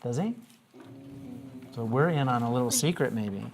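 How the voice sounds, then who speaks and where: A man's voice: medium pitch, expressive, moderate pace, vocal fry, a little hiss or hum. A man teaching a classroom lesson, patiently asking questions and having students repeat after him.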